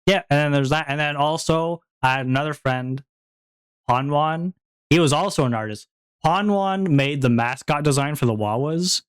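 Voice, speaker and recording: A man's voice: a little high, normal speed, clean tone, no room sound. A young man chatting casually on a stream, rambling, repeating himself and laughing often. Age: young adult.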